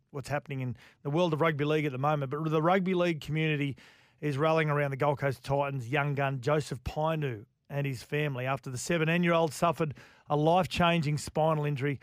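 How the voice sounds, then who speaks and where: Upbeat Aussie radio host. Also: male voice, on the high side, fast talker, no room sound, clean studio sound. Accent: Australian. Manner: upbeat, introduces guests. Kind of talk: sports radio presenting. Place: radio studio.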